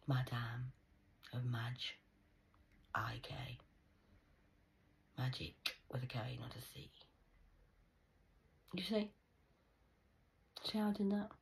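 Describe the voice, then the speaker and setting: Very husky woman, half-whispering. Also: fairly low pitch, low-quality recording. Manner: drifts between hushed whispers and sudden loud outbursts; swears freely, conspiratorial tone. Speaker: vlogger. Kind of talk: rambling monologue to camera.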